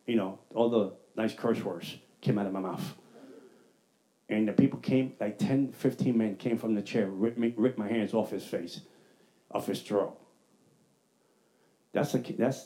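A man preaching a testimony sermon, telling his story in an animated way and acting out his own dialogue. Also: lowish voice. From New York.

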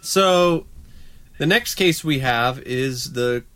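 A man's voice: mid-range voice, normal speed, fairly bright tone. A man co-hosting a podcast, chatting casually with a laid-back, somewhat hesitant delivery. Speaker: podcast co-host.

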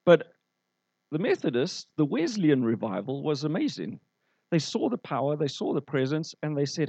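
A male pastor delivers a sermon in a fairly high voice, stacking his points in short, punchy, repeated phrases. The sound is dry and a little dull. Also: big pitch swings, moderate pace, vocal fry, darkish tone, breathy edge, dry recording.

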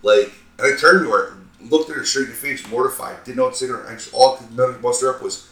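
A man in his thirties, a podcast co-host, telling a profane, animated story with acted-out quotes. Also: medium pitch, fast talker, distant mic. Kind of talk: casual storytelling chat. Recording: roomy sound, a bit off-mic.

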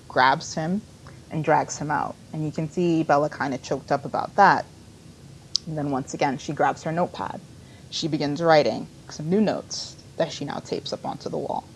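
A woman's voice: low-pitched, darkish tone, a little hiss or hum. A woman co-hosting a podcast, casually recapping a TV episode in a rambling, conversational way with lots of fillers.

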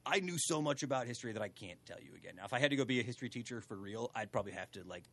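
A man's voice: medium pitch, expressive, rapid-fire, slightly rough. A man chatting as a podcast guest in a studio, rambling and saying like a lot. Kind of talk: casual chat.

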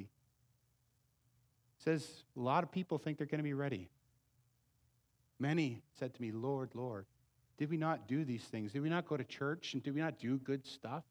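A man preaching a sermon as pastor, pleading and emphatic, swinging between loud urgent passages and quiet low asides. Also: a little slow, pauses often.

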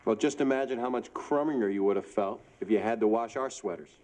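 An actor playing an earnest, lesson-giving dad in a family sitcom. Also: male voice, fairly low pitch, fairly quick, darkish tone, natural voice. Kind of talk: sitcom acting.

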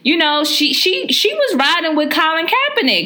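Bright-voiced woman podcast host, teasing. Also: very high voice, moderate pace. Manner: lively, laughs often, teasing. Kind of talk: casual podcast chat.

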